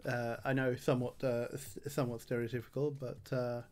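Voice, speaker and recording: A man's voice: mid-range voice, little pitch movement, brisk, darkish tone. A man streaming a game, reading item text aloud with dry jokes and plenty of fillers. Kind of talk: game livestream commentary.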